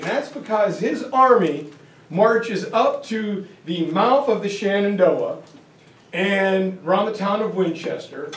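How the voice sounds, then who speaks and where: A man's voice: high-pitched, recorded from a distance. Male history teacher in an echoey hall. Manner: casual, acts out historical figures. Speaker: history lecturer. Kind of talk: animated history lecture.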